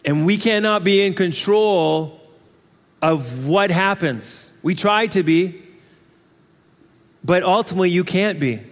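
A man's voice: high voice, slow, pauses often. A man preaching an expository sermon in an earnest, conversational way, asking his listeners questions. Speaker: pastor. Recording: long hall reverb.

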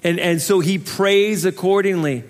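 A man's voice: sits high, measured pace. A man preaching an expository sermon in an earnest, conversational way, asking his listeners questions. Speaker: pastor. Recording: long hall reverb.

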